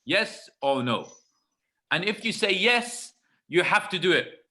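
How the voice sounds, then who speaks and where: Slow and forceful, a man with a high, bright voice and big pitch swings gives a religious webinar talk on a video call. He hammers his points, repeats phrases and regularly asks his audience "right?"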